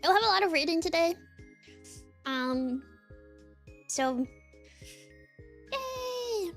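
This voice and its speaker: A woman's voice: high-pitched, a little slow, vocal fry, faint music behind. A woman streamer chatting casually at her desk in a bubbly way, full of fillers, greeting viewers one by one. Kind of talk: casual live-stream chat. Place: home desk.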